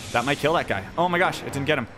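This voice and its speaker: A young man hosting a gaming channel, excitedly narrating his own gameplay and reacting out loud to every shot. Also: medium pitch, very fast, background noise. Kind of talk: live gameplay commentary.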